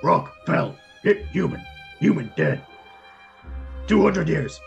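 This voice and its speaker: A man voicing a slow, blunt, brutish male warrior who speaks in clipped caveman-like phrases. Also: fairly high pitch, lively intonation, creaky, muffled recording, faint music behind, voice pushed up, exaggerated voice. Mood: ponderous.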